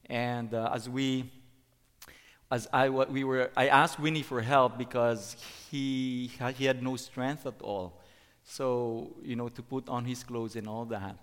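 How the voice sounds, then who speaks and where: A middle-aged man giving a sermon as a preacher, halting, with many fillers and restarts. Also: medium pitch, steady tone, fairly bright tone, clear, resonant tone. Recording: long hall reverb.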